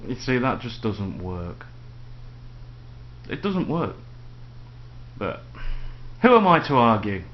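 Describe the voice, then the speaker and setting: A man grumbles and rants with dry sarcasm in an unhurried drawl, talking straight to camera in a casual vlog. His voice sits at an ordinary middle pitch. The home recording is dull and lo-fi, with a faint hiss underneath. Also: big pitch swings. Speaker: vlogger.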